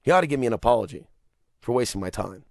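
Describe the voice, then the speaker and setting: A male podcast host delivering a rambling, animated solo rant, swearing freely and breaking into laughter. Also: medium pitch, quick pace, gravelly, no echo. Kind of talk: casual monologue rant.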